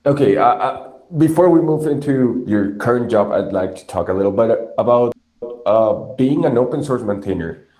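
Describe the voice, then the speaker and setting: A man's voice: medium pitch, animated, normal speed, dark tone. A man from Colombia with a Colombian Spanish accent, a native Spanish speaker, hosting a podcast and interviewing a guest with frequent hesitant fillers. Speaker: podcast host. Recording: echoey room.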